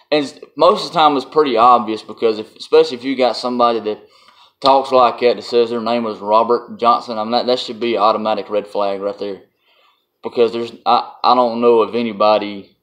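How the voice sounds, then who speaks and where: A man, telling a casual vlog story in a blunt, folksy way and laughing often. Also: mid-range voice. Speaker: vlogger.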